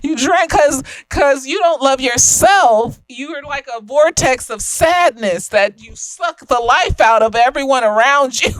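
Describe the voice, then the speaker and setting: A woman's voice: sits high, animated, a little slow, dry recording. A young woman giving a casual, slightly tipsy film review, profane and emphatic, laughing often.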